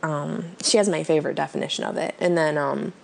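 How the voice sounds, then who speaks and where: A woman's voice: deep voice, steady tone, brisk, creaky. A woman co-hosting a podcast in casual chat, telling stories and laughing often. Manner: chatty storyteller, laughs often. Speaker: podcast co-host.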